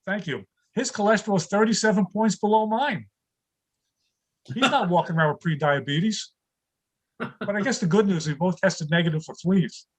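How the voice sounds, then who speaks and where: Older man, stand-up comedian, high voice, dry one-liners, video call. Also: moderate pace, rough recording. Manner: deadpan one-liners with punchlines.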